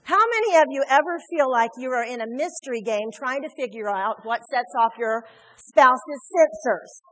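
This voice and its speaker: A fairly high-voiced woman preaching in a church. She is animated and chatty, teasing the congregation between points, and a long hall reverb hangs behind her voice. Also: moderate pace. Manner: animated, conversational, joking with the congregation. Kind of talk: sermon. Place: church sanctuary.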